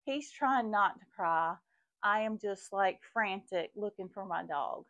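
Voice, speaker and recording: A woman's voice: mid-range voice, animated, measured pace, pushed and bright, no room sound. A middle-aged woman, chatting to viewers as she tells a story while working in her shop. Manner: chatty, addresses viewers as y'all. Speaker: vintage shop owner and vlogger. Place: her vintage shop booth.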